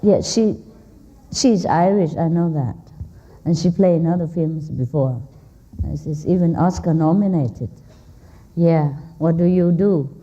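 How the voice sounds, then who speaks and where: A woman spiritual teacher speaks slowly to a seated audience in a hall, joking and teasing as she goes. Her English is simple and non-native, and her voice is soft and mellow. The recording sounds a little dull. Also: low voice. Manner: playful, teasing, laughs often. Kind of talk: informal dharma talk to an audience.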